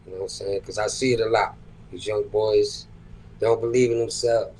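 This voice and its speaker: A man's voice: on the low side, fairly even intonation, brisk, darkish tone, slight background noise, rough recording. A man, a rapper and producer, talking in a laid-back, slangy, profane way in a casual interview. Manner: laid-back, slangy and profane, with frequent "you know what I'm saying".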